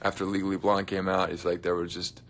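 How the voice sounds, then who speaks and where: A man's voice: deep voice, monotone, fast talker. A young man hosting a casual livestream from his dressing room, joking and chatting with viewers in a playful way. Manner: playful, joking, drifts into soft mumbles. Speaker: livestream host. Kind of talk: casual livestream chat reading comments.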